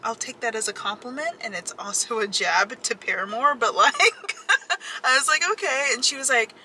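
A woman's voice: a little high, animated, normal speed, pushed and bright, slight background noise, low-quality recording. A young woman vlogging casually from inside her parked car, chatty and giggly, talking to a dashboard camera. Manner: chatty, giggly, lots of filler "like". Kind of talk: casual vlog chat.

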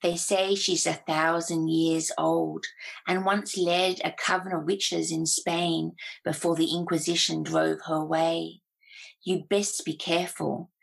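A woman voicing a grumpy old landlady with a croaky voice. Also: low voice, little pitch movement, measured pace, exaggerated voice, poor audio. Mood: gruff.

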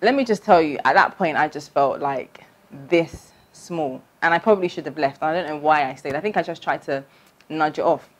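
Girl in her 20s doing a storytime vlog, lowish voice that shoots way up when she acts out her old self. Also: fast. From London. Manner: animated storytelling, acting out her own past voice with big pitch jumps. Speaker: vlogger.

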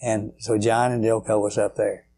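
An older man, the guitarist guest in this storytelling interview, speaks at normal speed in a low, level, creaky voice with a warm tone. His tales ramble, feel folksy, and are full of fillers, with a little hiss or hum in the audio.

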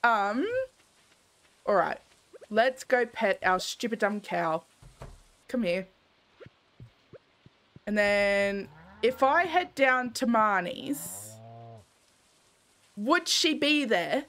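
A woman's voice: medium pitch, animated, very slow, long pauses, a bit bright. A young woman commenting casually while streaming a game, grumbling to herself in theatrical exasperation.

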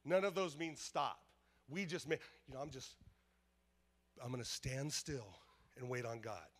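A man's voice: mid-range voice, measured pace. A man preaching a sermon as pastor, emphatic and repetitive, calling out questions to the congregation. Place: church service.

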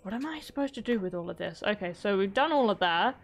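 A woman's voice: medium pitch, expressive, fast, soft background music. A young woman doing chatty, giggly let's-play commentary, reading game text aloud. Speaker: game streamer.

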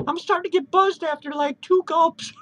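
A woman's voice: extremely high pitch, fairly even intonation, normal speed, fairly bright tone, muffled recording. A woman playing a crude, foul-mouthed older man who rambles and cackles through a comic webcam rant. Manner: swears constantly, rambling, cackling laughs. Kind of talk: comedic character vlog rant.

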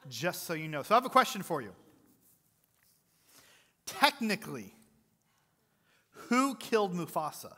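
A man's voice: sits high, sing-song, slow, long pauses, sharp tone. A man preaching a sermon as pastor, conversational and jokey, quizzing the congregation between earnest points, in a church sanctuary. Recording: long hall reverb.

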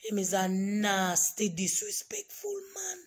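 Lady vlogging a rant, hoarse throat, slow and draggy, scolds over and over. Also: medium pitch, big pitch swings. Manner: scolding, repetitive, emphatic. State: hoarse, voice nearly gone. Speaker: online commentator. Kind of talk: ranting vlog commentary.

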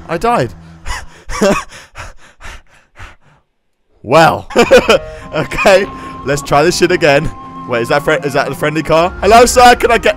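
Excitable man shouting over game play. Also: fairly high pitch, measured pace, pauses often, music in the background. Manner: excitable, jokey, bursts into shouts and sing-song. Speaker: gaming video host. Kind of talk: gameplay commentary.

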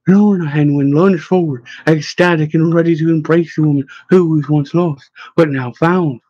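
A man with a husky, somewhat high voice tells the story in a steady, even way. The read is close and dry, with a slightly muffled recording. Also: normal speed, no echo. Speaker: audiobook narrator. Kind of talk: audiobook narration.

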